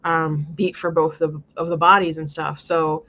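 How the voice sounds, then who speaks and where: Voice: medium pitch, level tone, measured pace, pushed and bright, dull audio. A show host talking casually in an earnest, rambling way, with many restarts. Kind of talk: casual commentary monologue.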